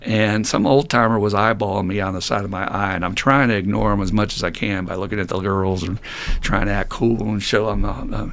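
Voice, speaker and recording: A man's voice: on the low side, fairly even intonation, fairly quick, a bit bright, a little hiss or hum. A man hosting a recovery podcast who tells a candid personal story in a blunt, self-mocking way, swearing freely and laughing often. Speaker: podcast host.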